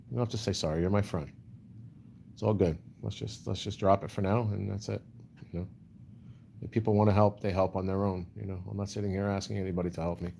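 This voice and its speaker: Deep monotone guy rambling on a livestream, reading chat, says you know a lot, faint hum behind. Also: a little fast, gravelly, pauses often. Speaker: livestream host.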